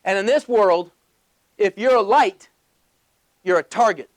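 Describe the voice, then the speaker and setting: Male motivational speaker, high voice, animated, works the room with questions. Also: a little slow. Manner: animated, acts out little scenes with voices; asks the audience questions. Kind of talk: motivational talk to a live audience.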